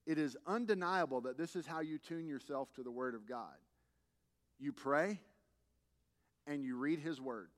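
A man's voice: medium pitch, big-room sound. A man preaching a sermon as a pastor, telling humorous stories in a conversational way and rising to emphatic peaks. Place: church sanctuary.

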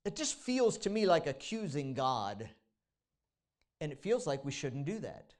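A man's voice: fairly high pitch, big pitch swings, a little slow, darkish tone. A man preaching a sermon in a conversational way, often restarting his sentences and acting out prayers. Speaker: pastor.

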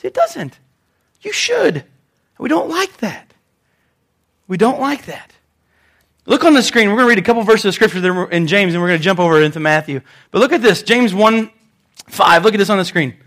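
A man's voice: high voice, quick pace, a bit bright. A young man, a pastor, preaching a conversational sermon in church and telling stories with animation.

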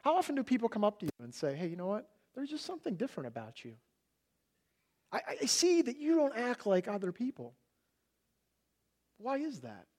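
High-voiced male pastor preaching. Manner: animated storytelling, acting out his toddler's shouts. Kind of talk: sermon.

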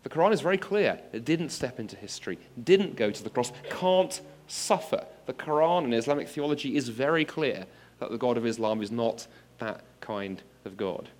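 A man's voice: mid-range voice, animated, normal speed, darkish tone. Earnest male preacher addressing students. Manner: earnest, rising to emphatic exclamations; addresses the audience directly with examples. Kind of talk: apologetics talk. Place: speaking to an audience of students.

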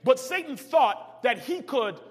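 A man preaching a sermon as pastor, swinging from quiet talk to hollering. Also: very high-pitched, very animated, unhurried. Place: church sanctuary. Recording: long reverb of a large hall.

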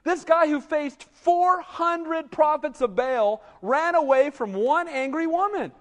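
A man's voice: very high-pitched, slow pace, in a large hall. A man preaching a sermon as a pastor, talking conversationally and often tossing "right?" to the congregation. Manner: animated, conversational preaching with frequent "right?" asides. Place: church.

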